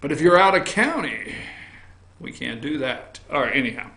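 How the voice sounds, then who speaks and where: A man hosting an opinion show from an office, animated, jumping between loud outbursts and muttered asides. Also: a little high, moderate pace. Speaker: host. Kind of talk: opinion commentary on news and politics.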